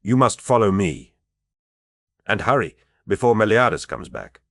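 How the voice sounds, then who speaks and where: A sardonic male turncoat knight, urgent and hissing, as a deep-voiced narrator puts him on. He rises to bellowing commands over a dry, close recording. The voice sits very low even when raised. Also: unhurried, vocal fry, dry recording, heavily acted. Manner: sardonic, then urgent shouting.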